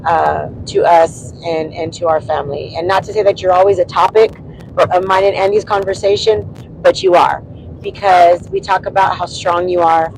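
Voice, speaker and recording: A high-pitched man talks in loose, rambling bursts, filling gaps with ums and you-knows. He is co-hosting a casual chat from a moving car, with a low engine hum behind him. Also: flat delivery, moderate pace, gravelly, low-quality recording. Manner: chatty and rambling, many fillers, laughs easily. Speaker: co-host, spouse of the host.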